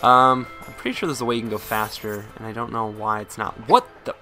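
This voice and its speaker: A young man giving casual, excitable let's-play commentary, often incredulous and swearing. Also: fairly low pitch, fast, soft background music. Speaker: gameplay commentator.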